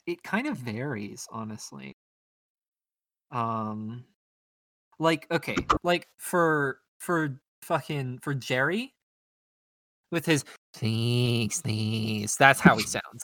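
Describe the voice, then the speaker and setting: A man's voice: medium pitch, bright, forceful tone, no room sound. A man co-hosting a tabletop podcast, talking casually about doing character voices, swearing and restarting often. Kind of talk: casual chat.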